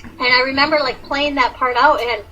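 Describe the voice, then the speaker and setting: A woman in casual conversation, telling a personal story in a chatty, animated way with many fillers. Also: high-pitched, moderate pace, highs cut off, a little hiss or hum. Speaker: guest sharing awakening story.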